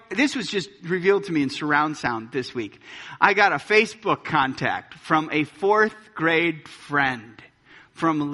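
A man's voice: high voice, pushed and bright, long reverb tail. A man preaching a sermon as pastor, emphatic and full of pointed rhetorical questions. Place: church sanctuary.

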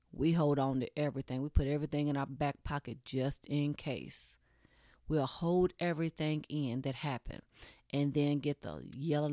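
A woman's voice: low voice, a little mellow, no echo, studio quality. A woman giving a casual, blunt monologue straight to her audience, candid and swearing freely.

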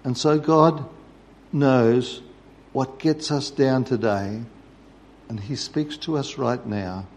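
Slow, measured preacher. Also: male voice, mid-range voice, a little mellow, slight background noise. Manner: measured storytelling. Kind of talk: sermon.

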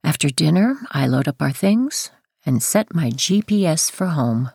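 A woman narrating her own memoir audiobook in a steady first-person storytelling manner. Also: deep voice, a little slow, gravelly, slightly rough, no room sound, clean studio sound.

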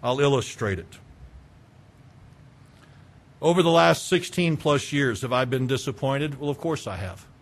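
A middle-aged male pastor preaching a sermon, animated, swinging between loud urging and quiet asides. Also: mid-range voice, measured pace, long pauses.

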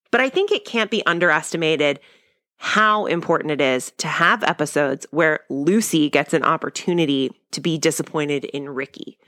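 A woman's voice: fairly low pitch, a bit bright, no room sound, studio quality. A young woman hosting a podcast, recapping a sitcom episode in a chatty, wry and opinionated way. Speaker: podcast host.

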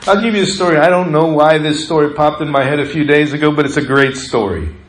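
A middle-aged man preaches a sermon in a loose, conversational way, drifting into personal stories and acting out the voices of the people in them. His voice sits a little high for a man. The sound carries the echo of a church sanctuary. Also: fast talker, slight background noise. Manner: storytelling, conversational, acts out quoted voices. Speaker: pastor.

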